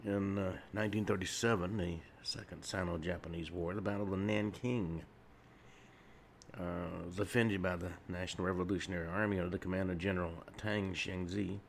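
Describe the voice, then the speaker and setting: A man hosting his own radio talk show, rambling through history notes with many pauses and fillers, speaking from a studio. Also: low-pitched, steady tone, slight background noise. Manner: rambling, with frequent uh fillers and restarts. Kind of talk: solo radio talk monologue.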